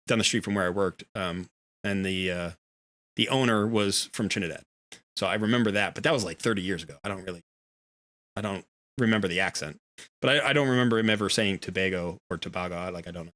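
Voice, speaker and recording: A middle-aged American man chatting casually on a live game stream. His voice is bright and forward, sitting at an ordinary pitch. He rambles, restarts sentences and leans on fillers as he goes. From United States. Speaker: streamer and host. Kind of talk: casual chat while gaming.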